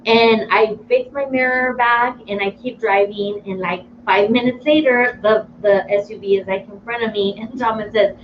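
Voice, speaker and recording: A woman co-host with a fairly high voice tells stories from home in a loose, laughing way and swears freely. She sounds a little far from a muffled mic. Faint hiss runs underneath. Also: fairly even intonation, normal speed, few pauses. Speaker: radio show co-host. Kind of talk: casual chat.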